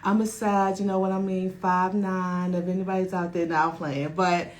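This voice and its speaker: A young woman hosting a casual radio talk show, loud and slangy with hype shout-outs. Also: on the low side, level tone, normal speed, rough recording.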